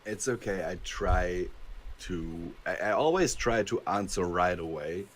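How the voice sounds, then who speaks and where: A man with a very deep, low voice answers questions on a casual voice call. He talks unhurriedly and explains things patiently. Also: animated, a little slow. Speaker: voice actor guest. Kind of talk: casual interview over voice chat. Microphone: computer mic on a voice call.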